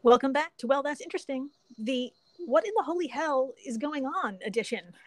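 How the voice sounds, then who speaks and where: Excitable woman podcast host, dry sound. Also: high-pitched, a little fast, no room sound. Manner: excitable, swears casually, laughs often. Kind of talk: casual podcast chat.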